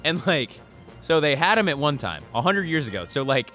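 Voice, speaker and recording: A man's voice: a little high, very animated, fairly quick, fairly bright tone, faint music behind. A young man co-hosting a podcast, rambling and joking in casual chat and laughing often. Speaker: podcast co-host.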